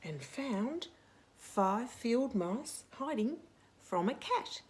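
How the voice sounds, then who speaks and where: A woman's voice: on the high side, big pitch swings, very slow. A middle-aged woman hosting story time, reading a picture book aloud to children with dramatic whispers and playful sound effects.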